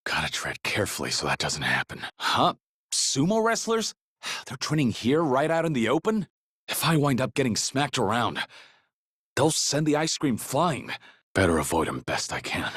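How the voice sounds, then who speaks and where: Stoic game ex-yakuza, super deep voice, plain steady talk, dry booth sound. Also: male voice, fast, hardly any pauses, husky, no room sound, exaggerated voice. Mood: calm. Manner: plainspoken, steady, low-key. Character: stoic middle-aged male ex-yakuza, gruff and kind. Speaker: voice actor. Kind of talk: video game dialogue.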